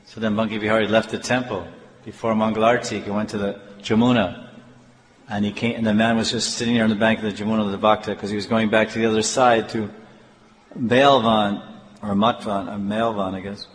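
A man telling devotional stories in an animated sermon, with halting restarts. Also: on the low side. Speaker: devotional storyteller. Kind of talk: storytelling sermon. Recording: echoey hall, faint ambience.

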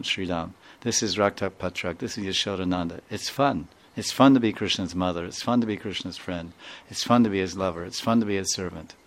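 A man speaking as a spiritual teacher, giving a devotional talk full of storytelling and repeated phrases. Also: low voice. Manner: warm storytelling with repeated phrases and quoted dialogue.

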